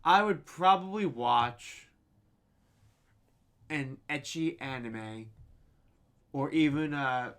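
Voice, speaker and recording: A man's voice: a little high, takes it slowly, pauses often, a bit bright, clear, resonant tone. A man co-hosting a podcast, chatting casually and rambling enthusiastically with frequent swearing. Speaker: podcast co-host. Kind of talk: casual chat.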